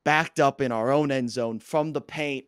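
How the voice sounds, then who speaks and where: A hoarse man who has lost his voice, co-hosting a casual podcast and bragging excitedly about his football team. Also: mid-range voice, normal speed, dry recording, clean studio sound. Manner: excitable, boastful sports fan. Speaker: podcast co-host; coach. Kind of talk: casual sports chat.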